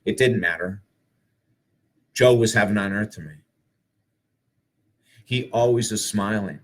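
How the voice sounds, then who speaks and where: Man, low voice, earnest, animated, rhetorical questions, spiritual storytelling. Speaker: author and motivational speaker. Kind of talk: spiritual storytelling talk to live viewers.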